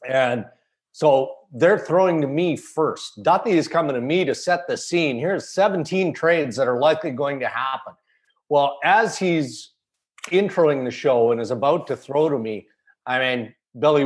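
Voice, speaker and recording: A man co-hosting a podcast, telling a self-deprecating story in a casual chat. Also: mid-range voice. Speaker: podcast co-host.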